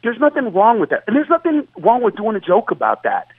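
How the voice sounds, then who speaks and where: Animated male comedian on a phone line. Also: high voice, brisk, breathy edge, no room sound. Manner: emphatic, stammers and restarts, acts out voices. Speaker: comedian guest.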